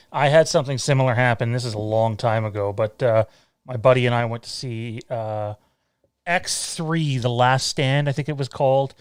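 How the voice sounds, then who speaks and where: A man's voice: medium pitch, moderate pace, clean tone, dry recording, clean studio sound. A man from Canada co-hosting a podcast in casual chat, hesitant with lots of fillers and blunt, swearing remarks. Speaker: podcast co-host.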